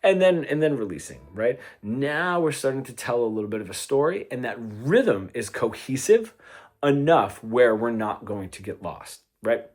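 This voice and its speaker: During a relaxed guitar lesson, the coach chats with his student, tossing in frequent "right?" check-ins between examples while guitar plays between his phrases. He speaks at medium pitch and a moderate pace, with big pitch swings and a darkish tone.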